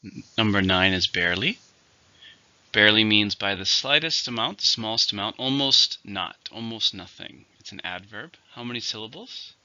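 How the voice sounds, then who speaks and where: A man with a low, strikingly bright and forceful voice teaches English vocabulary, counting syllables and stressing each word slowly. The recording is dull and lo-fi. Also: expressive, no echo. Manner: slow, careful teacher's delivery, spelling out syllables and stress. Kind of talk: vocabulary lesson.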